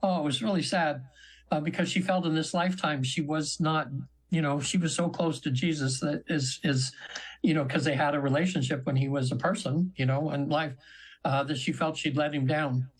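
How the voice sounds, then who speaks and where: A man's voice: a little high, fairly even intonation, moderate pace, slightly rough, poor audio. A man in his seventies, a radio guest, telling long stories in a casual, rambling way with many fillers and restarts. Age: 70s. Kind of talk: casual storytelling on a radio show.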